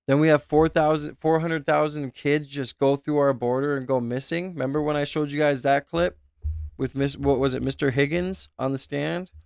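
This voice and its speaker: A man's voice: fairly high pitch, fairly even intonation, normal speed, vocal fry, darkish tone, clean tone, dry recording, clean studio sound. A man streaming live, reacting with emotional exclamations and speculation as he reads a document aloud and comments on it.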